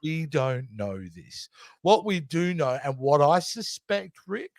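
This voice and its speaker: A man, co-hosting a casual movie news chat in an animated, rambling way that keeps trailing off and restarting. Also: on the high side, slow pace, creaky, no echo, studio quality. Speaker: co-host.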